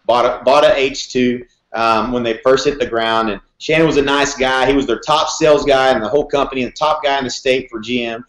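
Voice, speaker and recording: A man, a real estate broker in his thirties, telling a story in an interview, fast and energetic, acting out phone calls as he goes. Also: mid-range voice. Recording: roomy echo.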